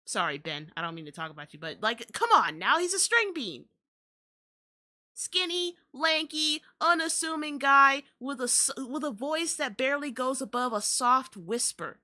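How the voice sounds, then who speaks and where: A woman's voice: high-pitched, expressive, normal speed, pushed and bright. A young adult woman hosting a podcast, ranting in exasperated, profane commentary. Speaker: podcast host.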